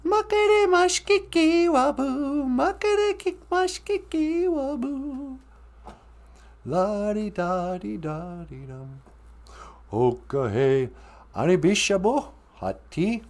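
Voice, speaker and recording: A woman's voice: high voice, animated, slow pace, a little mellow. A woman co-hosting a live stream, who jumps into the chat with playful, teasing remarks. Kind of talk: casual chat.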